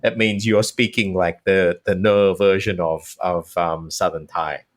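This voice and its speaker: A man, a language teacher, talking as a guest in a casual podcast interview, animated and dropping into quick voiced examples. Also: deep voice.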